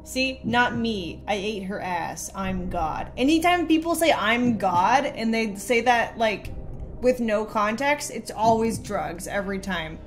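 A woman's voice: a little high, expressive, measured pace, a little hiss or hum. A young woman streamer reading viewer messages aloud and answering them with sarcastic, casual commentary. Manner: sarcastic, reads messages aloud in mocking voices.

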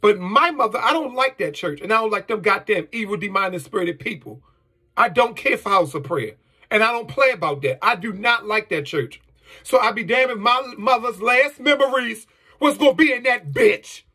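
A man in an emotional personal monologue, blunt, profane and emphatic, with a husky voice. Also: high voice, expressive, moderate pace, pushed and bright. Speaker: vlogger.

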